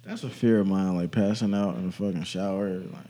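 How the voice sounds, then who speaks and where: A man's voice: low-pitched, fairly even intonation, brisk, warm tone. Blunt joking man on a podcast. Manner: blunt, profane quips. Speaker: podcast co-host. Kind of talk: casual chat.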